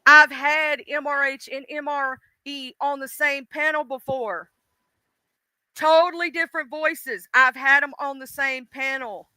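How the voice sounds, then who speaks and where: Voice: high-pitched, steady tone, measured pace, pushed and bright, no room sound. A livestream host ranting bluntly and profanely, speaking straight to the audience. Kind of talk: casual livestream rant.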